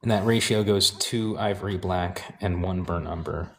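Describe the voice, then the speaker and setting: A man teaching painting, talking calmly and thinking aloud while he works, sometimes correcting himself. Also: sits low, moderate pace, slight background noise. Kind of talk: live painting demonstration.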